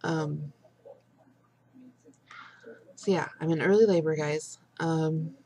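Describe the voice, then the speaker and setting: A young woman vlogging a casual video update, exhausted and frustrated, rambling with many pauses and fillers. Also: deep voice, fairly even intonation, mellow, a little hiss or hum.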